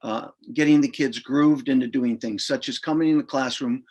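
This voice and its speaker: A man's voice: mid-range voice, steady tone, moderate pace, a little mellow. A middle-aged man explaining reading lesson procedures in an informal way, sounding out letters aloud as he goes. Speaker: reading instructor. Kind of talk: instructional explanation.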